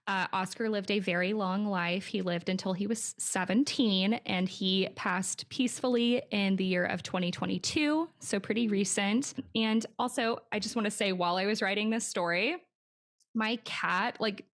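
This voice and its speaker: A woman's voice: mid-range voice, moderate pace. A woman hosting a podcast in casual chat, telling a story with many fillers and easy laughter. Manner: chatty, many fillers, giggly.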